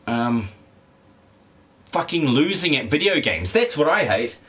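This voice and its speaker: A man's voice: medium pitch, big pitch swings, unhurried, pushed and bright. Condescending-sounding New man. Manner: rambling, laid-back, swears freely, laughs often. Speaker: livestreaming gamer. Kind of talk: casual game stream chat, reading viewer comments.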